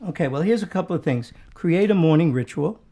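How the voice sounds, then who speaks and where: An older man with a northern US accent chats loosely on a small talk show. His voice sits a touch high but sounds dark and mellow, and he wanders through his stories with frequent chuckles and hesitations. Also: lively intonation, fairly quick. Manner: rambling, chuckles often, trails off with ums. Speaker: co-host. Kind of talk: casual chat on a local talk show.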